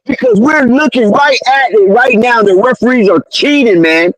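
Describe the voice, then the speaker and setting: High-pitched excitable man calling a game. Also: normal speed, no echo, poor audio. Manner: excitable, outraged at referees, slangy. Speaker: live game commentator. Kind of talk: fan play-by-play commentary.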